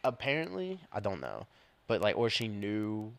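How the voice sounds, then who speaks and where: A young man who is a police officer and podcast co-host tells stories in casual conversation, animated, swearing, and laughing often. His voice sits on the low side, with vocal fry and a moderate pace.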